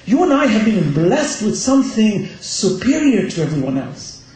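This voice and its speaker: A man's voice: sits high, big pitch swings, moderate pace, darkish tone. A man giving a passionate Muharram sermon, driving his points home with rhetorical questions. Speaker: religious lecturer. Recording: very echoey hall.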